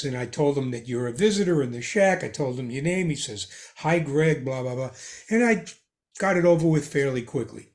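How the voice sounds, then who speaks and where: An older man, a guest on a hobby podcast, tells casual anecdotes with an animated, chuckling delivery. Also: a little high. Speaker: guest ham radio expert. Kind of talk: casual storytelling in a podcast chat.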